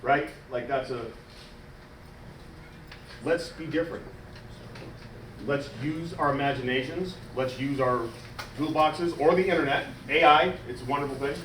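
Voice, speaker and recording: A man coaching wrestling promos in casual, animated talk, demonstrating cadences and coaxing a student. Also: a little high, measured pace, long pauses, a little hiss or hum. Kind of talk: casual teaching. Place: wrestling school training room. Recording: echoey room from far off.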